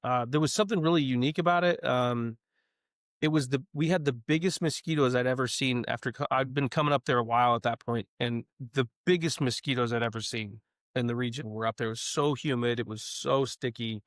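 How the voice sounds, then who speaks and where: Animated storytelling man, dry close sound. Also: mid-range voice, brisk, no room sound. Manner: animated, playful storyteller who acts out the other people in his stories. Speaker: guest. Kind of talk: casual storytelling.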